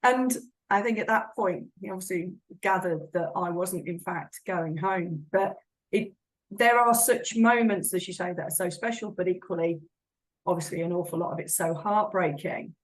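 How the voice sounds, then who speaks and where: A middle-aged woman hosting a casual interview, speaking gently and attentively. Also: on the low side, normal speed, low-quality recording. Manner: gentle, attentive, quietly affirming. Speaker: podcast host.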